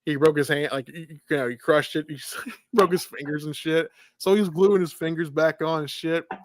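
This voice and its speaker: A man with a somewhat high voice retells a film's plot in a loose, rambling way, stacking fillers as he goes. His voice sits close and dry on the mic, with no room around it. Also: steady tone, moderate pace, no echo. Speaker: podcast co-host. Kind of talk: casual movie review chat.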